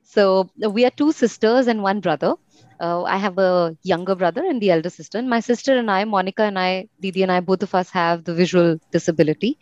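A young woman from India speaks as an interview guest and recalls her story in a reflective way, with many pauses and fillers. The recording sounds dry and a little muffled, with no room echo. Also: medium pitch, darkish tone. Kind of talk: casual conversational interview.

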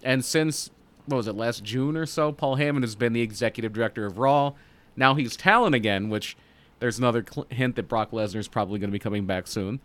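A man's voice: medium pitch, fairly quick, fairly bright tone. A man co-hosting a casual podcast, explaining backstage rumors at length in an informed way. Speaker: podcast co-host reading wrestling news.

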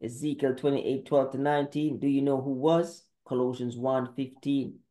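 A man's voice: medium pitch, steady tone, normal speed, dark tone. A man preaching a sermon monologue, firing off terse Bible verse citations in a confrontational way. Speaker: podcast preacher. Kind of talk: scripture-citing sermon monologue.

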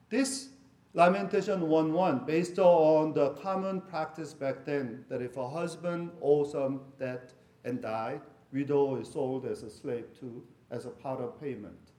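A man's voice: fairly high pitch, unhurried, warm tone. Middle-aged man preaching in an echoey room. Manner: conversational, jokey asides with laughter. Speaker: pastor. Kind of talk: sermon.

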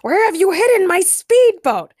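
A self-important male supervillain who shouts his threats and bristles when no one takes him seriously, as a woman reads him. The voice sits fairly high and the sound is close and dry, with no room around it. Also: big pitch swings, moderate pace, dry recording. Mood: indignant. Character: pompous grumbling male supervillain.

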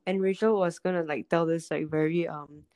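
A woman's voice: low voice, fairly even intonation, a little fast, a little mellow, dry recording. A young woman co-hosting a casual podcast over a video call, with dry, teasing, self-deprecating remarks. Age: young adult. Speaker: podcast co-host. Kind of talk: casual chat.

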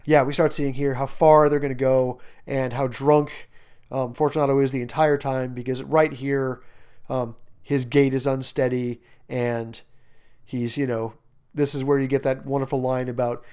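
Animated male literature teacher. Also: medium pitch, moderate pace, smooth. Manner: animated, emphatic, with frequent fillers and asides. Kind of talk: lecture on a short story, reading passages aloud.

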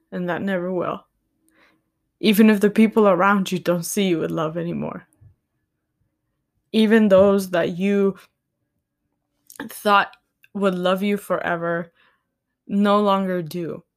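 A woman's voice: lowish voice, fairly even intonation, takes it slowly, long pauses. A woman hosting a faith-based podcast, speaking earnestly and tenderly to her listeners, near tears. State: tearful, near crying. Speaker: podcast host.

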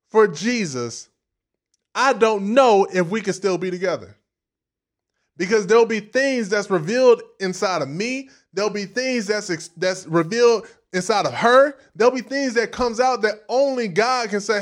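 A man with a high voice and delivers a sermon with big swings in volume and emphasis. He drops to near-whispers for asides, then punches key lines hard. He also acts out other people's voices as he preaches. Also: moderate pace. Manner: animated preaching, dramatic swings between soft and loud.

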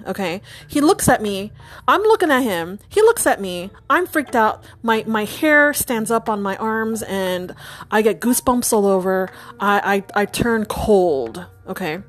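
Animated chatty woman telling a ghost story. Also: mid-range voice. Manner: animated, chatty, many fillers and restarts, acts out quoted voices. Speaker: storyteller and psychic nurse. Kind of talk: casual storytelling to camera.

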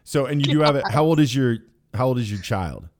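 A man's voice: medium pitch, lively intonation, fairly quick. A man in his forties from Kansas, hosting a casual podcast and chatting with guests on a remote call in a joking, rambling way full of restarts. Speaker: podcast host.

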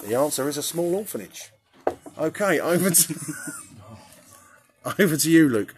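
A man's voice: a little high, expressive, moderate pace, pauses often, husky, faint music behind. A young man hosting a casual quiz for his football teammates, cheeky and sweary, laughing often. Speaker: quiz host for a football team. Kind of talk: casual banter.

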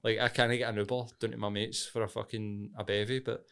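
A man's voice: on the low side, level tone, a little fast, creaky, fairly bright tone, clean tone. A Glaswegian man co-hosting a podcast, blunt and sweary in casual chat. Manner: blunt, sweary, says "aye, mate" a lot. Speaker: podcast co-host.

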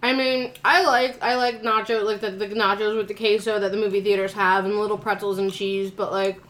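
A woman's voice: mid-range voice, level tone, fairly quick, fairly bright tone. A woman co-hosting a casual group chat, chatty and laughing often. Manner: chatty, laughs often, lists things eagerly. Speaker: co-host.

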